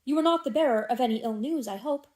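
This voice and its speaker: Proud young lady, low and firm, voiced by a woman reader, audiobook. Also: quick pace, darkish tone, natural voice. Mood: guarded.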